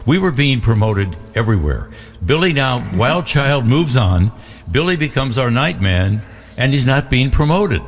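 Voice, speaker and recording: An older man, a veteran radio DJ, tells stories in a halting, animated way during a casual studio chat. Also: mid-range voice, long reverb tail.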